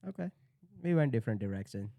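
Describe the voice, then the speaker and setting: Laid-back joking man, low voice. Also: animated, quick pace, vocal fry, mellow, no echo. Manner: joking, laid-back, says "bro" often. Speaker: podcast host. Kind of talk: casual chat.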